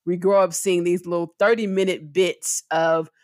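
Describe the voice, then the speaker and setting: A middle-aged woman co-hosting a podcast in casual conversation, expressive, with her voice rising when she gets excited. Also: lowish voice, moderate pace, dry recording, clean studio sound. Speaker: podcast co-host.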